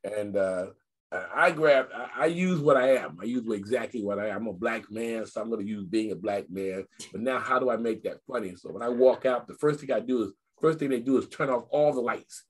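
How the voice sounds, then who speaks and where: Husky older man, animated and repetitive. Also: mid-range voice, brisk. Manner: animated storyteller, repeats phrases for emphasis. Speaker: guest magician. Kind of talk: casual chat on a video call.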